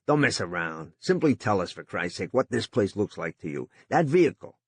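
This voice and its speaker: A male narrator voicing a hoarse, angry man who makes loud demands. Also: fairly low pitch, very animated, normal speed, dry recording, heavily acted.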